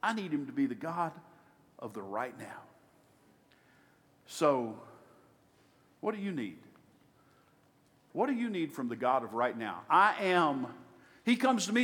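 A man preaches with a high, ringing voice that carries through a reverberant hall. He acts out God and Moses in his retelling, swinging between loud, urgent bursts and hushed lines. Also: very animated, measured pace, long pauses. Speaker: pastor. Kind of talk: sermon.

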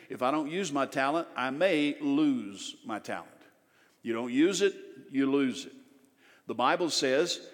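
A male pastor delivering an animated sermon, acting out people's doubting inner voices. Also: high voice. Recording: long hall reverb.

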